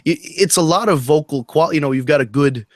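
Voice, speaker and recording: A man hosting a podcast interview, chatty and quick with his follow-up questions. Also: a little high, no room sound, clean studio sound. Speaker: podcast host. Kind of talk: casual interview chat.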